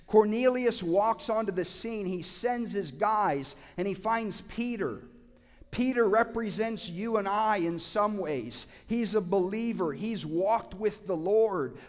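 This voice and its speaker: Male pastor, impassioned sermon delivery, high-pitched, church sanctuary with long reverb. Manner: impassioned preaching, swings from loud urging to quiet asides. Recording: hall reverb.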